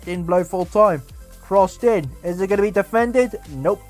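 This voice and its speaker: Exasperated gamer ranting over highlights. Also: male voice, measured pace, darkish tone, soft background music. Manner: exasperated, swearing, ranting about his team. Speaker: gaming YouTuber. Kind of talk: casual commentary over game highlights.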